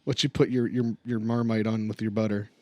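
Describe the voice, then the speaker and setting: A man's voice: on the low side, level tone, fairly quick, warm tone, no echo. A young man co-hosting a casual podcast, tossing in goofy wisecracks. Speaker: podcast co-host. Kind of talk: casual chat.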